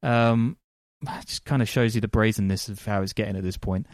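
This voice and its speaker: Low-voiced chatty male podcast host. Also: fairly quick, no room sound, studio quality. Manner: chatty, lots of ums, laughs often. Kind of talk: casual storytelling chat.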